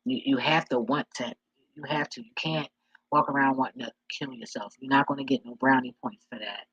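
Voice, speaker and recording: A blunt speaker, talking straight into the mic in a husky, slightly breathy voice. The delivery is preachy, profane street talk in a loose casual monologue, and the sound is close and dry with no room around it. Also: mid-range voice, fairly even intonation, fairly quick, a bit bright, no room sound, lo-fi sound. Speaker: vlogger giving life advice.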